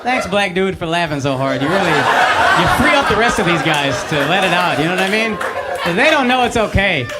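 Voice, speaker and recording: On a club stage before a laughing audience, a man in his thirties delivers a punchy, foul-mouthed stand-up routine into a handheld mic. His voice is high and animated at normal speed, with loud crowd noise throughout.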